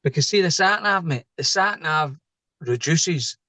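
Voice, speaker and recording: Unhurried and fairly high-pitched, a middle-aged lorry driver with a Scottish accent shares a story in casual chat, animatedly voicing the people in it. There's no echo on the recording.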